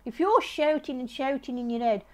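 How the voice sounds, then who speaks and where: A middle-aged woman, giving a casual tarot reading to camera in a repetitive, gently advising way with frequent restarts. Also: high voice, normal speed. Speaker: tarot reader.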